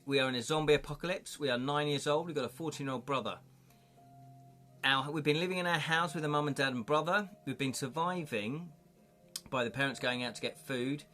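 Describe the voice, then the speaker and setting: A man's voice: a little high, a little fast, sharp tone, soft background music. A jovial man hosting a live stream, narrating an interactive game story and chatting with viewers. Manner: jovial, chatty, reads chat aloud. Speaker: streamer running an interactive gamebook.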